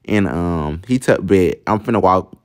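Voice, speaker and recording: Young male vlogger, low voice, chatty storytime delivery that keeps calling out to viewers. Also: animated, normal speed, a little mellow. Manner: chatty, addresses viewers as y'all, laughs at himself. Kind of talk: casual storytime vlog.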